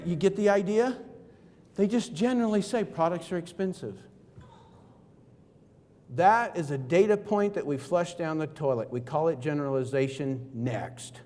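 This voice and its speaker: A man's voice: a little high, normal speed, a little mellow. A man giving a motivational seminar talk, emphatic and full of rhetorical questions to the audience. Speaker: keynote speaker. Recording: reverberant hall.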